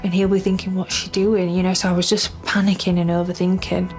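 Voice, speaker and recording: A woman's voice: on the low side, flat delivery, a little fast, a little mellow. A woman with a British accent giving a documentary interview, earnestly retelling her own experience and voicing her inner thoughts. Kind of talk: documentary interview, first-person account. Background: faint music.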